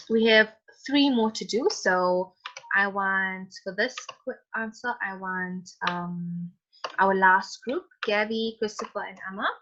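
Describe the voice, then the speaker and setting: A woman's voice: mid-range voice, a bit bright, highs cut off. A woman teacher giving an online class lesson, calling on students by name and encouraging them. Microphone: video call.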